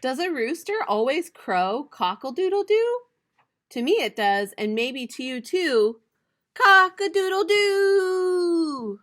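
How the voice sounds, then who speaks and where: A young woman teacher reads a picture book aloud to her class at an unhurried pace. Her voice sits a little high, and she bursts into bright, loud imitations of roosters, trains and dogs. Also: very animated. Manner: slow, playful reading with bright, loud animal-sound imitations.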